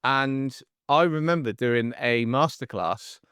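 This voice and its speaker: A man in his forties hosting a casual podcast chat, telling stories in an animated way and acting out the people in them. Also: mid-range voice, takes it slowly, smooth, no room sound, clean studio sound. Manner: animated storyteller, acts out the voices in his stories. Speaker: podcast host and coach.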